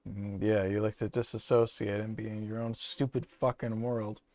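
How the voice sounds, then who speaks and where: A man's voice: lowish voice, level tone, moderate pace, darkish tone. A young man from Canada, rambling profanely through casual gaming commentary. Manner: rambling, profane, jokey asides. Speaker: streamer.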